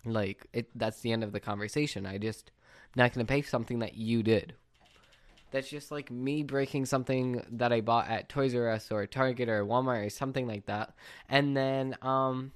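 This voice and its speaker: A man's voice: medium pitch, fairly even intonation, normal speed. A late-teen man talking solo on a podcast, ranting with exasperation in a casual way. His voice sits in a middle range for a man. The sound is dry, with no room echo. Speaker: podcast host.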